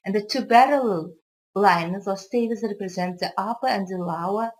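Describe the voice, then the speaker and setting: A woman with a Kazakh accent, a college English teacher whose first language is Kazakh, explaining intonation slowly and carefully in a recorded video lesson. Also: mid-range voice, poor audio. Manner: slow, careful explanatory delivery with occasional restarts.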